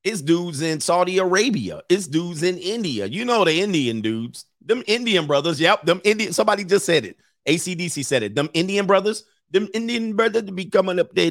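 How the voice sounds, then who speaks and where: This man in his thirties hosts an online commentary show, brashly ranting and often laughing at his own jokes. His high voice is very animated, fairly quick, creaky and a bit bright. The clean studio recording has no echo.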